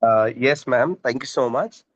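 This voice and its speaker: A man's voice: mid-range voice, measured pace, no room sound. A man, an audience member asking questions at an online conference, very polite and formal, with repeated thanks. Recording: dull, dry lo-fi call audio.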